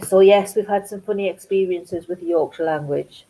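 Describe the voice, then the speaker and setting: A middle-aged woman from County Durham with a North East English accent, telling stories in a chatty vlog and acting out quoted voices with big pitch jumps. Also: moderate pace, mellow, low-quality recording. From County Durham, England. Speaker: crafting vlogger. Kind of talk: casual storytelling chat.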